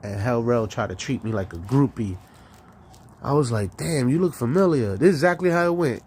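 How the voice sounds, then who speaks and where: A man's voice: medium pitch, brisk, slight background noise. A man from New York hosting a live stream, ranting profanely and telling stories, stammering through restarts. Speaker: solo live-stream host. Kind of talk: ranting monologue.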